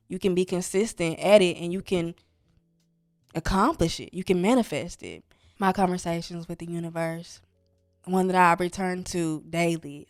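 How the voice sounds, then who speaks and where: A woman's voice: lowish voice, no echo. Earnest woman on a dry podcast mic. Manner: reflective, earnest, speaks in spiritual terms. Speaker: podcast co-host. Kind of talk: casual chat.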